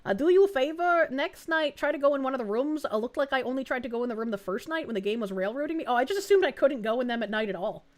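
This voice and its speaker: A woman's voice: high-pitched, lively intonation, fast, few pauses. A woman streamer giving playful, swearing gaming commentary and reading chat.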